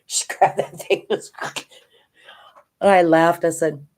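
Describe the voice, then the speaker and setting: A diamond painting vlogger, an older Minnesota woman, speaks slowly in a lowish, slightly mellow voice with fairly even intonation. She chats casually about her craft and tells rambling, homey family stories, often restarting.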